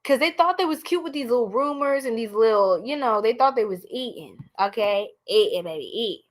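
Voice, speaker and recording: A woman with a New York accent giving a blunt, animated live tarot reading, talking straight to her viewers. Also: on the high side, fairly quick. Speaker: tarot reader.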